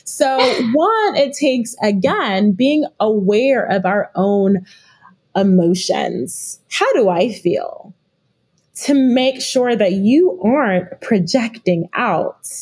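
Middle-aged woman, podcast guest expert: husky tone, unhurried, reflective delivery with frequent restarts. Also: a little high, lively intonation, a little mellow. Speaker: guest expert, leadership consultant. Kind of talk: podcast interview conversation.

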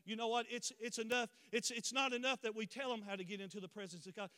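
A man's voice: high voice, fairly even intonation, fast talker, bright, forceful tone, smooth. A man preaching a sermon, impassioned and building to emphatic declarations. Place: church sanctuary. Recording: long reverb of a large church hall.

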